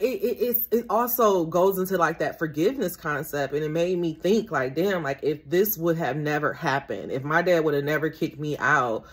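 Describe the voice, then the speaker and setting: Candid, emotional young woman vlogging. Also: low voice. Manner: candid, rambling, swears freely, repeats herself; emotional, voice rising as she gets worked up. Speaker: podcast host and tarot reader. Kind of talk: casual reflective monologue.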